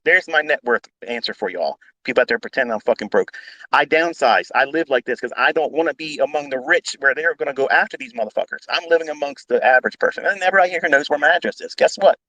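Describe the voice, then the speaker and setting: A blunt, combative man rants off the cuff about trading and swears freely. He repeats points over and over to hammer them home. His voice sits at an ordinary male pitch and sounds dry and close, with no room around it. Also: bright, forceful tone, no room sound, poor audio. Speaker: trading educator on a live audio space. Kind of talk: unscripted profane rant.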